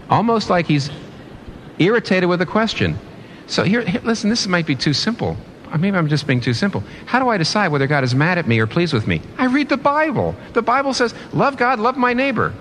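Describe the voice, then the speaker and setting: A man's voice: medium pitch, a bit bright, a little hiss or hum. A man preaching a sermon in an earnest way, often restarting and repeating phrases for emphasis.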